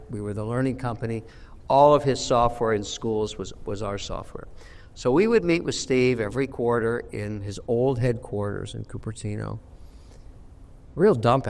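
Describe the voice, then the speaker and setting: A man's voice: fairly low pitch, darkish tone, in a large hall. A man in his sixties telling blunt, emphatic anecdotes as an investor guest in an interview. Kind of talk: storytelling interview answer.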